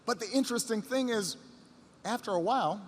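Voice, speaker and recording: A man's voice: high voice, brisk, very noisy. A man in his fifties giving a motivational speech as a story, building it with repetition and rising emphasis. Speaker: public speaker. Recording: long hall reverb.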